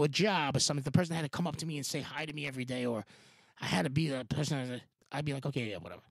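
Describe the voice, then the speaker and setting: A man hosts a podcast in a rambling, loose way, full of restarts, fillers and swearing. His voice is gravelly, and his pitch swings widely. The sound is dry and close. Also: dry recording. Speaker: podcast host. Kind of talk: casual rambling commentary.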